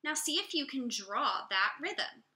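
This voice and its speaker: A woman music teacher giving a slow, clear, encouraging lesson to young children. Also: sits high, big pitch swings, sharp tone, reverberant.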